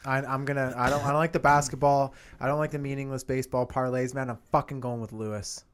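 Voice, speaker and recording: A man's voice: mid-range voice, little pitch movement, quick pace, clear, resonant tone. A man talking loosely with friends on a podcast. He swears often and keeps things jokey. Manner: swears freely, jokey, mock English accent at times. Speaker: podcast co-host. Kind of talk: casual chat.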